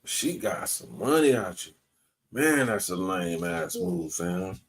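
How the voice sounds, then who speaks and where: A man's voice: deep voice, sing-song, slow, creaky, husky. Blunt, mocking man ranting. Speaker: host. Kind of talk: casual podcast commentary. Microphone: video call or stream mic.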